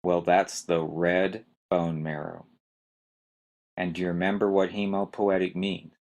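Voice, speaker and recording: Slow, deep-voiced male anatomy instructor. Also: level tone, creaky, darkish tone. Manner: spells terms letter by letter, quizzes listeners. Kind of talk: recorded anatomy lecture.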